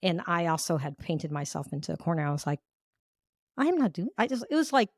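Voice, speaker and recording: A woman leadership coach of Cuban heritage, a guest on an interview, telling personal stories in an animated way and acting out her own thoughts. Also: sits low, fast talker, no room sound, clean studio sound. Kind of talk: storytelling in an interview.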